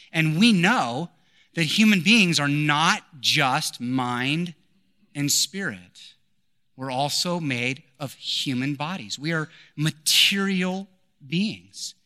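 Bright-voiced male preacher. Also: a little high. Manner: emphatic, repeats key phrases. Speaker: pastor. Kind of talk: sermon.

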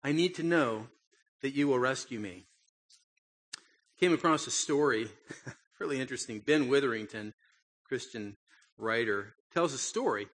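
An older man preaching a Christmas sermon, telling stories with animated voices for the people in them. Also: mid-range voice, a little slow, long pauses. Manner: animated storytelling, acts out childlike pleading. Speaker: pastor.

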